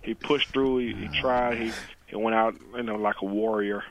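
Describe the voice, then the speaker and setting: A man, a guest, telling a story with animated quoted dialogue and lots of "you know" fillers. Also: fairly low pitch, normal speed, noisy background.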